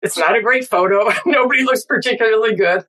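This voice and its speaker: A woman's voice: on the high side, a little fast, fairly bright tone, poor audio. A middle-aged woman speaking as a documentary filmmaker guest, earnest and reflective, with occasional restarts. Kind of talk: interview conversation.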